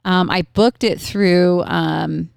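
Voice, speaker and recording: A woman's voice: lowish voice, slow, vocal fry, clear, resonant tone, no echo, studio quality. A woman in her thirties, a podcast co-host telling stories in casual chat and acting out her kids' voices. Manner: animated storyteller, acts out her kids' voices.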